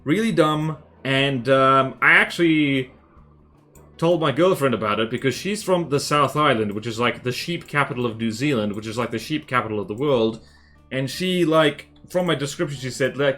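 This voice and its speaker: A man's voice: mid-range voice, normal speed, sharp tone, faint music behind. A young adult man casually chatting while drawing on a livestream, playful, jokey and rambling.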